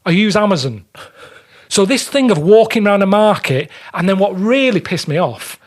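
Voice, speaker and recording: A man's voice: sits high, animated, normal speed. A man, a podcast guest telling blunt, grumbling anecdotes with the odd swear word in casual chat. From England.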